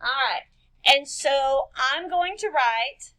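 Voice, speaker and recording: A woman's voice: high-pitched, lively intonation, slow, bright, forceful tone. A woman teaching young children a writing lesson, patiently spelling words letter by letter and asking questions she answers herself. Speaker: kindergarten-level teacher.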